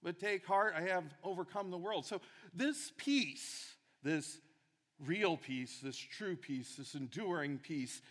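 A man's voice: sits high, fairly bright tone, big-room sound. A man preaching a sermon, earnest and emphatic, repeating key phrases for weight.

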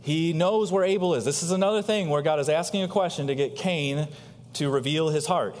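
A man preaching a sermon as pastor, asking rhetorical questions and swinging between loud high emphasis and quiet low asides. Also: fairly quick, in a large hall, a little hiss or hum.

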